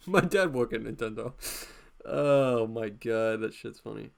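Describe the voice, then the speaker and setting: A man's voice: medium pitch, lively intonation, slow, vocal fry, long pauses. A man hosting a drawing live stream, talking casually and playfully as he draws, often laughing.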